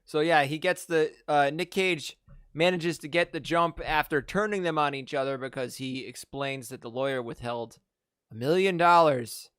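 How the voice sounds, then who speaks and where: A man's voice: fairly high pitch, moderate pace, fairly bright tone, smooth, no room sound, studio quality. A man hosting a casual movie podcast, recapping the plot in a rambling way with lots of fillers. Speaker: podcast host.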